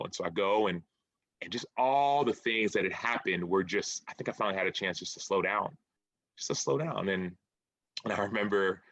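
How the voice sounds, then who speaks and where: A man in his thirties recounts his life story with earnest reflection, doubling back on phrases as he goes. His voice is bright and forceful, sitting a little low. The sound is dry, with little room. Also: no echo, highs cut off. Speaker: author and former football player. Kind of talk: interview, storytelling.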